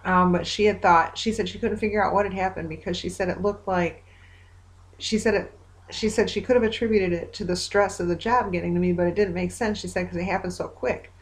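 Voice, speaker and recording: A woman's voice: fairly low pitch, fairly even intonation, brisk. A woman talking in a casual personal video diary, rambling as she retells conversations with many fillers, hopeful yet weary. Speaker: vlogger.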